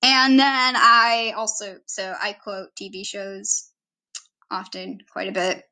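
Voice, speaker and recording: Bright-voiced woman vlogging casually. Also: mid-range voice, level tone, takes it slowly. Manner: rambling, with self-corrections. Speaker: vlogger introducing herself. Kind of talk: casual self-introduction.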